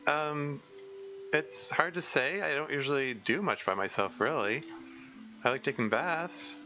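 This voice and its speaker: A man reading a shy, self-conscious teenage schoolgirl aloud, hesitant and halting. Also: fairly high pitch, sharp tone, dull audio, faint music behind, pitched above the performer's own voice. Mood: bashful.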